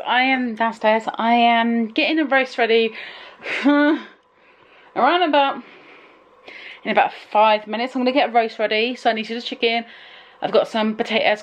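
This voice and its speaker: Rambling woman vlogging at home. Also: fairly high pitch. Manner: rambling, emotional, trailing off. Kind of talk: casual vlog chat.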